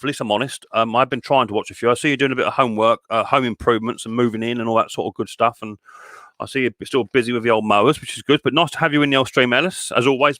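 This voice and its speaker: A man's voice: medium pitch, fairly bright tone, dry recording, clean studio sound. A middle-aged man, hosting a casual livestream and chatting to viewers in a rambling way full of fillers and restarts. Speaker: livestream host and mower repairer.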